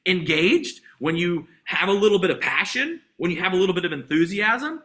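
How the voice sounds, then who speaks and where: A man coaching a sales team on a video call, talking in an energetic, hyped way with lots of repeated exhortations. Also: high-pitched, a little fast. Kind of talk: motivational sales training talk.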